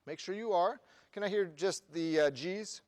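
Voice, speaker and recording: A man running a band rehearsal in a large room with a long, ringing reverb. His voice sits a bit higher than most men's as he counts the players in and sings short rhythm syllables to demonstrate. Between run-throughs he fires quick questions at the ensemble. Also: background noise. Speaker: band clinician.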